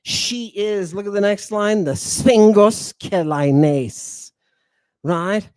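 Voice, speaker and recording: A middle-aged man lectures his online audience in a high, unhurried voice. He is theatrical, sighing often, and swings from booming declarations to muttered asides. The sound is close and dry, with no room around it. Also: a little mellow, smooth, no echo. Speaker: host.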